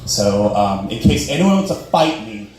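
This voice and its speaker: A man's voice: very animated, unhurried, darkish tone, a little hiss or hum. A young man performing a self-deprecating stand-up comedy set on a club stage. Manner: self-deprecating, acts out dialogue in high squeaky voices. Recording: roomy club audio from far off.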